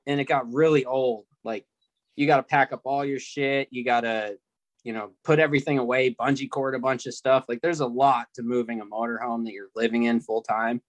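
A man telling stories as a guest on a podcast, relaxed and rambling, with easy laughs. His voice is of middle pitch for a man. It is recorded close and dry. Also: brisk, no room sound. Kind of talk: casual chat.

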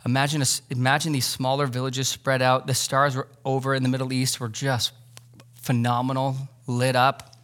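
A man preaching a sermon, lively and joking, acting out the disciples in quick asides. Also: mid-range voice, clean tone. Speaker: pastor.

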